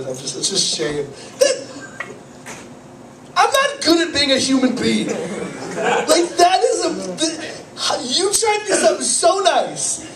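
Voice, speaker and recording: A man doing a rambling, self-deprecating stand-up comedy set, swearing and fretting, while he has a cold. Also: very high voice. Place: small cafe comedy night, from the audience area. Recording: echoey cafe room, camera far off, audible noise.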